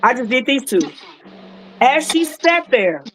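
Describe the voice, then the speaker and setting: A woman telling a client's story in a casual, animated way, with emotional moments. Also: sits high, a little slow, soft background music, poor audio. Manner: animated, emotional retelling with acted quotes. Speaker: wellness patch seller sharing a client story.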